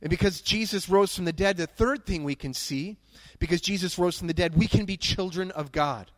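Man, pastor, sermon, earnest and emphatic, fairly high voice, dry close sound. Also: fairly quick, fairly bright tone, no room sound. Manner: earnest, emphatic, repeats key phrases.

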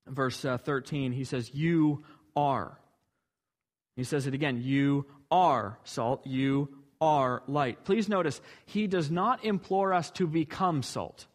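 A man preaching a sermon, earnest and emphatic, building to rhetorical questions. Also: mid-range voice.

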